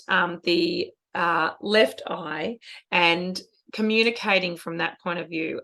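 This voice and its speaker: A woman's voice: mid-range voice, pushed and bright. A middle-aged woman, co-hosting a casual podcast chat, talking earnestly and emotionally about parenting. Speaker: podcast co-host.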